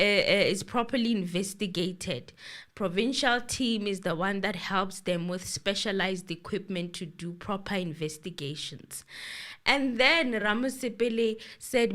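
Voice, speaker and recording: A woman commentating casually on a court trial, animated, quoting the exchanges and exclaiming as she goes. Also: on the high side. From South Africa. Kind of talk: casual chat.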